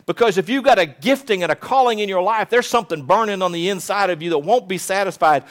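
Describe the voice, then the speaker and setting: A man's voice: fast talker, few pauses. A man preaching a sermon to his congregation, talking conversationally and building to urgent exhortation. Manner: retells a story in a low, quiet voice. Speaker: pastor.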